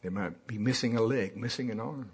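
A man's voice: lowish voice, a little fast, husky. A man preaching a sermon in a folksy storytelling way, having the congregation repeat lines after him. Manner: folksy storytelling with call-and-response.

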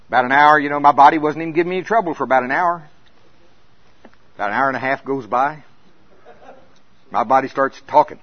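An older man preaching a sermon, telling a story with animated acted-out scenes. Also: medium pitch, brisk, pauses often. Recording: dull lo-fi recording.

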